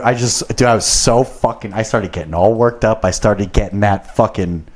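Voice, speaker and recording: A young man with a slightly low voice tells a workplace story on a podcast. He rambles and swears a lot, piling on fillers and asides. He gets heated as the story builds. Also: moderate pace, hardly any pauses. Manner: profane and rambling, gets worked up. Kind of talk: casual storytelling.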